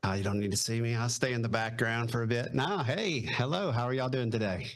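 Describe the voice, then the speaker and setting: A man's voice: medium pitch, fairly quick. A middle-aged man from North Carolina with a Southern accent, a podcast guest telling stories about his life in an easygoing way, with many fillers. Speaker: podcast guest, retired Marine helicopter pilot. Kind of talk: casual storytelling interview.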